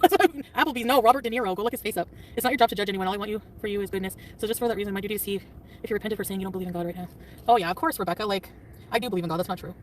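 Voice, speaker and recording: A woman chatting on a casual livestream, quick and defensive, often laughing and snapping back at commenters. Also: mid-range voice, steady tone. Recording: distant mic with faint traffic noise.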